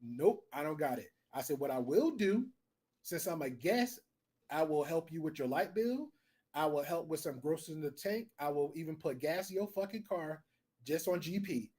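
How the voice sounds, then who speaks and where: A man co-hosting a podcast, telling a story in a blunt, profane, animated way. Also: fairly high pitch, moderate pace. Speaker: podcast co-host. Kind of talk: casual storytelling.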